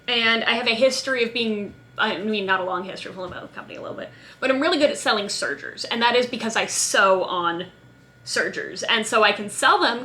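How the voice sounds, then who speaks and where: A young woman rambles to the camera in a casual cooking vlog, her voice bright and a touch high. She jumps between stories with quick asides and pokes fun at herself. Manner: chatty, scattered, quick asides and self-mocking. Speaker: vlogger.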